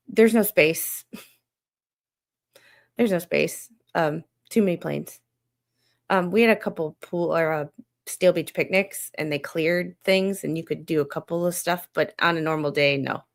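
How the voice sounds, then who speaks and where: A woman's voice: low-pitched, fairly even intonation, normal speed, vocal fry. A woman hosting a show, rambling in an unfiltered, exasperated rant and swearing freely. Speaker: podcast host.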